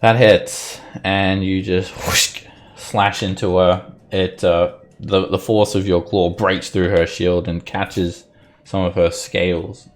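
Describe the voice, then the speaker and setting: Brief: easygoing male game master, very low voice, slow narration. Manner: relaxed descriptive narration with fillers.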